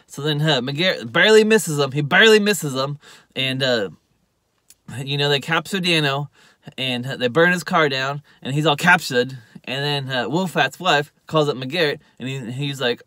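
Rambling man with a bright, dry voice. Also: moderate pace, no room sound. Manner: rambling, heavy on fillers like "uh" and "you know"; acts out quoted lines in a louder, higher voice. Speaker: TV show reviewer. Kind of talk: casual spoken recap.

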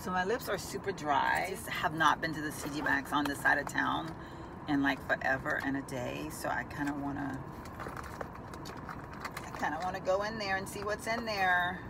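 A woman's voice: low voice, normal speed, gravelly, noisy background. A woman chatting casually to her viewers while vlogging from her car, calling them y'all. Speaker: lifestyle vlogger. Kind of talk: casual vlog chat. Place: inside a car.

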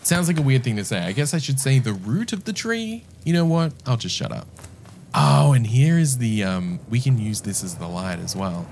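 A man's voice: medium pitch, lively intonation, normal speed, darkish tone, a little hiss or hum. A man giving casual let's-play commentary, rambling, mocking himself and chatting to the game's characters. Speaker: gameplay commentator.

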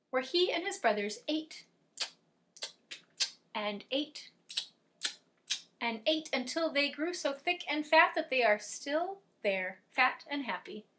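Dramatic storytelling woman, higher voice. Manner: dramatic, swells loud and drops soft. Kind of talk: lively oral storytelling for families.

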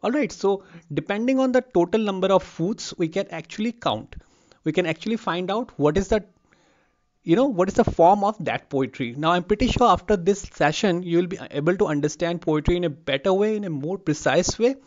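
A man's voice: high-pitched, lively intonation, brisk, a little mellow. Muffled male teacher. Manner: repeats example words aloud, says okay often. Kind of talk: explaining a lecture. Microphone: lavalier.

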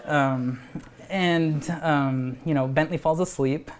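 A man, an animator pitching his own cartoon at a live event, talking in a rambling, animated way with frequent restarts and laughs. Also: moderate pace. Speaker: animator and show creator.

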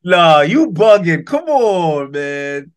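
A man, interviewing a guest and pushing back calmly in casual talk. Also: fairly high pitch, slow pace. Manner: relaxed, pushes back with easy disagreement.

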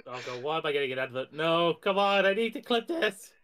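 High, bright-voiced excitable gamer man. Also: brisk, clean tone. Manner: excitable, yells at the game. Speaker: gaming friend on stream. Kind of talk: casual gaming stream chat.

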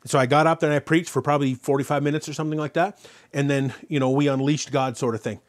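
A man's voice: on the high side, quick pace. A man preaching a sermon as pastor, telling a story and then driving points home with repeated rhetorical questions. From Canada. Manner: animated preaching, rhetorical questions, rising loud on key points.

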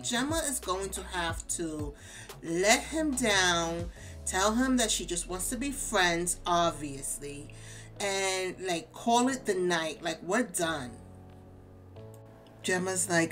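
Woman, game let's play host, unhurried delivery, chatty, talks to viewers, faint background music. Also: mid-range voice, expressive, a bit bright. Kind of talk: casual game commentary.

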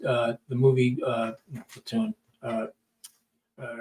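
A man's voice: mid-range voice, flat delivery, slow pace, a little mellow. A middle-aged man telling a story in casual talk, acting out quotes and often repeating words. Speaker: podcast storyteller.

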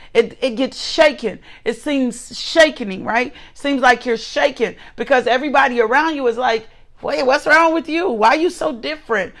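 A woman's voice: sits high, a bit bright. A woman in her forties reading scripture and preaching a devotional message, fervent and repeating her phrases. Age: 40s. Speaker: host and preacher.

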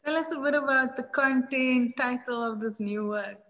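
A woman's voice: sits high, moderate pace, long reverb tail, dull audio. A woman moderating a panel discussion, casual and enthusiastic, asking questions and reacting with interest. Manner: enthusiastic, casual, uses slang.

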